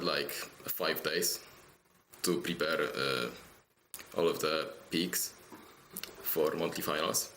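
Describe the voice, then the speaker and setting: Halting low-voiced young esports player. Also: male voice, a little hiss or hum. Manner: halting, repeats words, soft-spoken. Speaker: winning esports player interviewed. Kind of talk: post-match interview.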